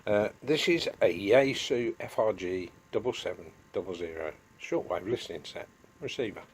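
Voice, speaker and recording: A man's voice: on the low side, animated, moderate pace, a little hiss or hum. A middle-aged man, chatting casually in a home workshop vlog and going off on homely asides. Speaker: DIY vlogger.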